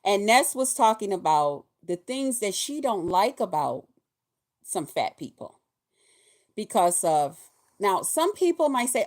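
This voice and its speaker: A woman's voice: mid-range voice, sing-song, unhurried. A woman hosting a weekly livestream, chatting casually and folksily with her viewers, greeting and thanking them directly. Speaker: host of a weekly live show.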